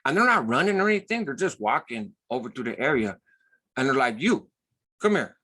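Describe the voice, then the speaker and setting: A man's voice: mid-range voice, sing-song, quick pace, sharp tone. A man hosting his own channel, telling a story in a casual, blunt way, often checking in with "right?" and swearing freely. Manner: loose, conversational, tags lines with "right?". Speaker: host.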